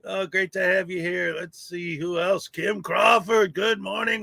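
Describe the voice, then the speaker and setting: Greeting chat viewers by name on his morning livestream, an upbeat host laughs often during casual shout-outs. His high-sitting voice has vocal fry and a sharp tone, with fairly even intonation at a measured pace and no echo.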